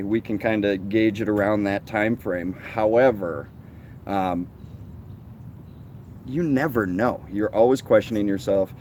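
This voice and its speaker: A man's voice: fairly low pitch, darkish tone, slight background noise. Chatty man on a live fishing stream. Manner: asks questions, chatty and loose. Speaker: fishing show co-host. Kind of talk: casual live-stream chat. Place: outdoors on a river at night.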